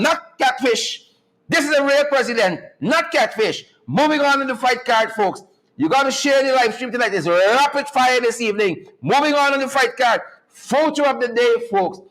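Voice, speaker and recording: A man hosting a live-streamed talk show, animated and mocking, with a preacher-like cadence. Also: very high-pitched, rough recording.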